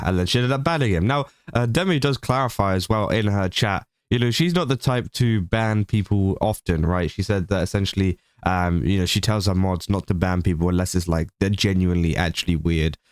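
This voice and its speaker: Male commentary host, chatty and rambling, smooth lower voice, dry booth-like sound. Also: dry recording. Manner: rambling, many fillers, laughs between points. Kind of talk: casual commentary.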